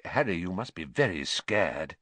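A man voicing an anxious, serious middle-aged father who speaks quietly, tensely and in a hurry. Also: low voice, sing-song, normal speed, no echo, heavily acted.

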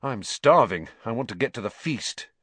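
A man's voice: mid-range voice, lively intonation, a bit bright, no room sound. Ron, a man voicing a hot-headed schoolboy. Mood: eager. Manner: blunt, quick to anger. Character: hot-tempered teenage schoolboy, loyal friend.

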